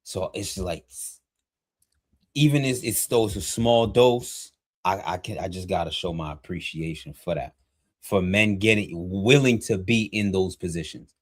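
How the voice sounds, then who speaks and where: A man's voice: deep voice, unhurried, no echo, studio quality. A man co-hosting a podcast who also coaches workshops, speaking in a reflective, casual way with frequent brief affirmations. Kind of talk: casual conversation.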